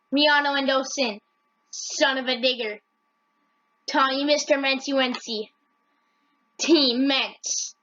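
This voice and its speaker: A woman YouTuber giving rambling, excitable, jokey commentary over gameplay. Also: high voice, muffled recording. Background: loud music.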